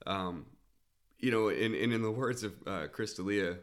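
A man in casual podcast talk, animatedly telling a comedy club story and leaping into high shouts for quoted lines. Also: moderate pace. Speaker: stand-up comedian and podcast host.

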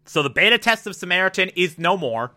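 A TV recapper with a bright, forward voice who gushes over a scene and breaks into excited outbursts. The talk is casual and animated, running from hushed awe to loud enthusiasm. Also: mid-range voice, fast. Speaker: TV episode recapper.

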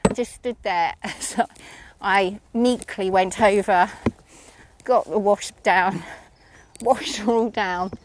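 A woman chatting casually about her horses, giggling often and filling pauses with ums. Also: medium pitch, steady tone, a little hiss or hum. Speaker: horse owner vlogger. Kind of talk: casual chat.

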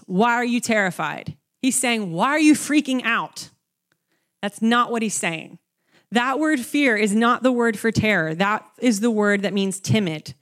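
A young woman preaching a conversational sermon, animated and talking to the congregation, acting out scenes. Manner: animated, conversational, acts out the disciples with rising pitch.

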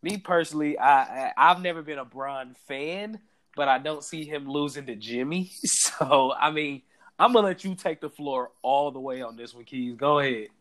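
A man's voice: on the high side, moderate pace, fairly bright tone. A man co-hosting a casual podcast chat, laid-back and slangy, laughing often as he talks. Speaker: podcast co-host.

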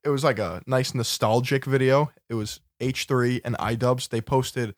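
A man's voice: medium pitch, fairly even intonation, normal speed, no room sound, clean studio sound. A man co-hosting a podcast in casual chat, laid-back, bringing up gossip and swearing casually. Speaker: podcast co-host.

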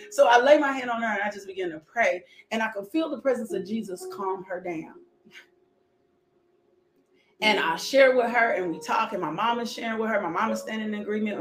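A woman preaching a sermon with a personal testimony, animated and calling out with bursts of praise. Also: on the high side. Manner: animated, shouting "woo", laughing. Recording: echoey room with music behind.

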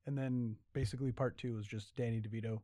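A man in mid-range pitch chats on a podcast in a loose, rambling way. He swears freely and often loses his train of thought. The sound is dry and close, with no room echo. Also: fairly even intonation, fast, warm tone. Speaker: podcast co-host. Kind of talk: casual chat.

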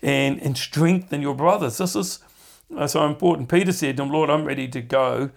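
A man's voice: a little high, a little fast, vocal fry. A man hosting a podcast, teaching from the Bible in an earnest, conversational way, often repeating words as he goes. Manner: earnest, animated when acting out quotes, repeats words.

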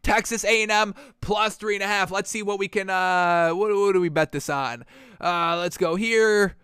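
A man hosting a sports show, chatting excitedly about free agency and betting picks, with lots of fillers. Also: sits high, normal speed, smooth, no room sound, clean studio sound. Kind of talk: casual sports betting talk.

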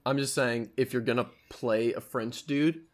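A man's voice: medium pitch, steady tone, moderate pace. A man in casual group chat about an anime, opinionated and rambling, swearing often.

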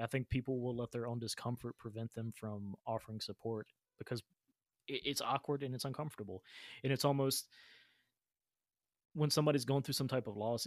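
Male podcast host, rapid speech, dry close mic, reflective. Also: medium pitch, no room sound. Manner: reflective, repeats words as he thinks. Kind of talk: casual interview talk.

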